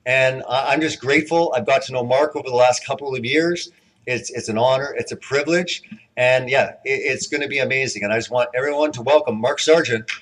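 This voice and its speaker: A man's voice: medium pitch, brisk, a bit bright, rough recording. A man introducing the next speaker at a conference, earnest and admiring, with repeated words.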